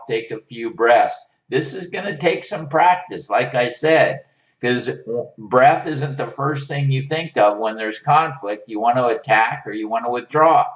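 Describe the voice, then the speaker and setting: A man giving a relationship lesson, teaching in a coaching manner and checking in with his listeners as he goes. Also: medium pitch. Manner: unhurried, coaching, checks in with "right?". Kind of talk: motivational teaching talk. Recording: roomy, distant, dull lo-fi sound.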